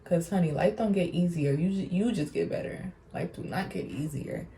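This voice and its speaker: A young woman chats to the camera in a casual get-ready-with-me vlog, her voice on the low side with a warm, mellow tone. She is blunt and sassy, swears freely, and keeps calling viewers honey. A faint hum sits behind her. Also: normal speed, creaky. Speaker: vlogger.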